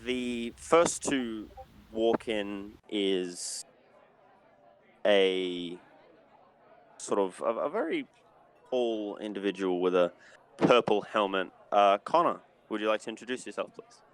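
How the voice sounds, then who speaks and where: A man narrating a tabletop game as dungeon master, hesitant and halting with many restarts. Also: on the low side, smooth, some chatter behind, rough recording.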